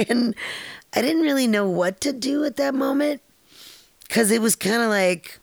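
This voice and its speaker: A woman's voice: fairly high pitch, expressive, moderate pace, gravelly, no echo. A middle-aged woman hosting a podcast, rambling through a personal story in a frank, casual way, with laughter and casual swearing. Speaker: podcast host.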